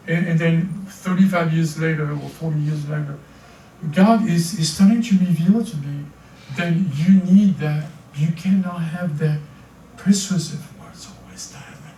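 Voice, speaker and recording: A man's voice: a little high, unhurried, mellow. An older man with a French accent, preaching a sermon as pastor, often stammering and repeating words as he restarts. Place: church hall. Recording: echoey church from far off.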